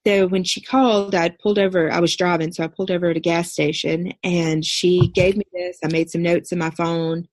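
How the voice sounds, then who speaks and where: A woman in her thirties, a podcast guest, earnestly telling a personal story in a steady recounting way. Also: fairly low pitch, fairly quick, hardly any pauses. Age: 30s. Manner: earnest, steady recounting with brief quoted dialogue.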